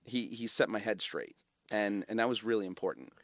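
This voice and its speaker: Man, middle-aged, New York accent, low pitch, dry recording, rambling fillers. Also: brisk, no echo. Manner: animated, repeats words, many fillers. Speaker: guest, company founder and CEO. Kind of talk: emotional storytelling in conversation.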